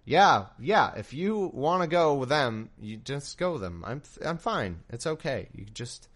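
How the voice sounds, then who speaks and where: A man's voice: mid-range voice, sing-song, a little slow, fairly bright tone, pitched above the performer's own voice. A man voicing God as a petulant, passive-aggressive sulker in a comic retelling. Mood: sulky.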